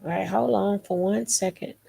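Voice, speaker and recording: A woman's voice: medium pitch, fairly even intonation, moderate pace, vocal fry, dark tone, slightly rough. A woman hosting a live stream in a casual chat style, playful and teasing as she greets viewers by name. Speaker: livestream host.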